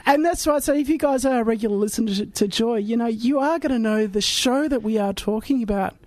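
A woman's voice: fairly high pitch, brisk, darkish tone, no echo. A woman co-hosting a radio show, chatty and upbeat, taking listeners through announcements. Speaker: radio co-host. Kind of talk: casual chat. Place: radio studio.

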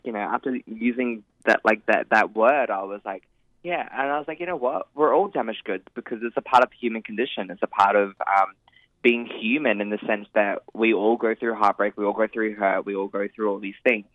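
A man's voice: on the low side, no echo. Aussie guy on the phone, rambly and chatty, sounds tinny and dry. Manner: chatty, rambling, lots of "like" fillers. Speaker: author guest. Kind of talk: casual phone interview.

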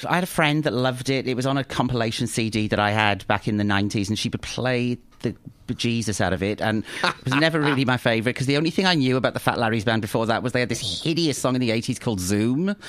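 A man's voice: mid-range voice, fast talker, a bit bright. A man co-hosting a radio show, reading listener messages with dry, wry humour. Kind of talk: casual radio chat.

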